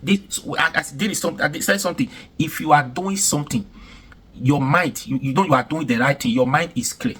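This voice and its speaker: Nigerian male vlogger, fired-up rant, slightly high and husky voice. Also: fairly quick, a bit bright. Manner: indignant, emphatic, repetitive ranting. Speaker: commentary vlogger. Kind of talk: heated reaction commentary.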